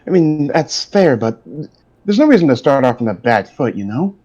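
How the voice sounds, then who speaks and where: A man's voice: mid-range voice, sing-song, normal speed, warm tone, lo-fi sound. A man role-playing his character in a tabletop game, talking nervously with stammers. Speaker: player.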